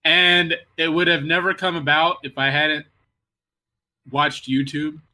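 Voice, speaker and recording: A man co-hosting a casual podcast, excitable and jokey, swearing a lot. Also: a little high, unhurried. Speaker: podcast co-host. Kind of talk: casual chat.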